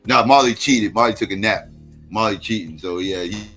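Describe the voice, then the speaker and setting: Deep-voiced, tired, profane stream host. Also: male voice, normal speed, faint music behind. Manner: profane storytelling with lively quoted voices. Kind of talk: casual late-night stream chat.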